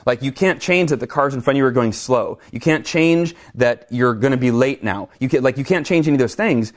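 A middle-aged man talking in an interview, energetic and animated, acting out his own reactions as he tells stories. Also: medium pitch, brisk. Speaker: guest speaker. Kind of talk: conversational interview, storytelling.

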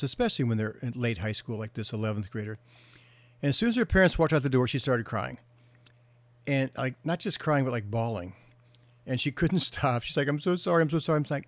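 A middle-aged man, a counselor, giving an earnest motivational talk and slowing down to stress key words. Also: medium pitch, dry recording. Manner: earnest storytelling, slows for emphasis.

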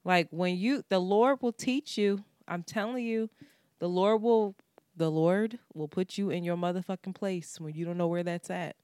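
Low smooth-voiced woman podcaster. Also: normal speed, darkish tone, no room sound, clean studio sound. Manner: candid, profane, storytelling. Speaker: podcast co-host. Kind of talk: casual chat.

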